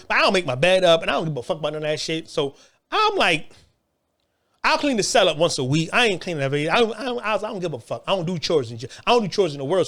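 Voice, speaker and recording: A man in his thirties telling a story in a casual, profane way, animated and full of repeats and restarts. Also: fairly high pitch.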